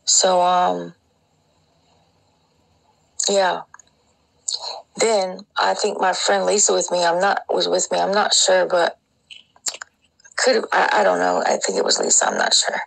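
Low, gravelly woman telling her dreams. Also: level tone, measured pace, long pauses, poor audio. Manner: rambling, with many restarts and asides. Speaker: Christian dream sharer. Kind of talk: casual storytelling of dreams.

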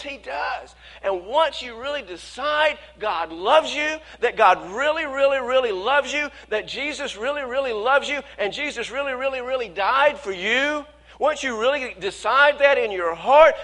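Male pastor, high bright voice, folksy sermon delivery with stammered restarts. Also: lively intonation. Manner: conversational preaching with frequent repeated words and quick laughs; speeds up when quoting worried people, slows to stress key words.

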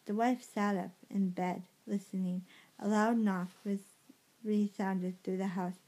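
Slow, mellow woman reading a story aloud. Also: medium pitch, fairly even intonation, low-quality recording. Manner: halting, with frequent slips and self-corrections. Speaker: reader.

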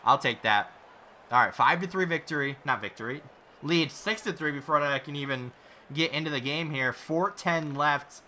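A man giving casual commentary while playing a video game, reacting out loud and talking himself through each move. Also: fairly high pitch, normal speed, slight background noise. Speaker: gaming YouTuber.

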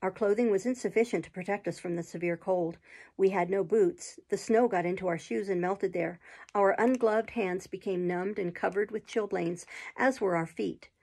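A woman narrates a classic novel as an audiobook, steady and measured, now and then stumbling over a word. Her voice is husky and breathy, with a gravelly fry. Her pitch sits in a middle range.

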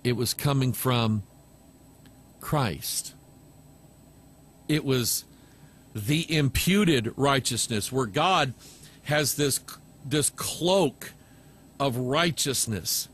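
A man preaching a sermon, telling stories in an animated way with asides to the congregation. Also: medium pitch, drawn-out words, long pauses, slight background noise. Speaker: pastor.

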